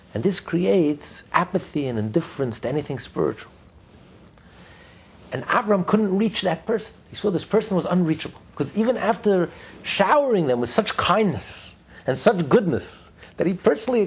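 Brief: male religious teacher, gravelly husky voice, emphatic sermon delivery stacking lists of words. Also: high voice. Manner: emphatic, builds points through repeated lists; tells a joke story mid-lesson.

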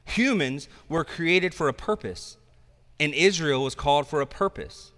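A man with a bright, slightly high voice preaches a sermon as pastor. He talks in a conversational way and drops self-deprecating asides. His voice rings with the long echo of a church hall. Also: animated, a little slow.

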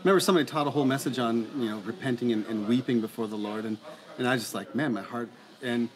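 Earnest, halting middle-aged man. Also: medium pitch. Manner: earnest, halting with frequent restarts. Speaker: co-host answering listener questions. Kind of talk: casual conversation.

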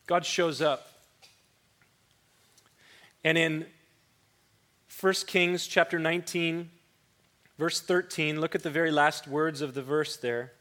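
Animated high-voiced male preacher. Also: takes it slowly, long pauses. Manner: animated, swings between loud rhetorical questions and quiet scripture reading; mock-mopey voice when quoting a complaining prophet. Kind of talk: sermon.

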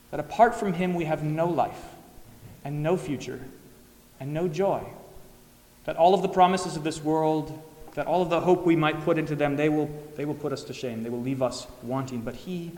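A man's voice: fairly high pitch, dark tone. Earnest male pastor in echoey church. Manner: earnest, rhetorical questions, acts out imagined replies. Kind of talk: sermon. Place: church sanctuary.

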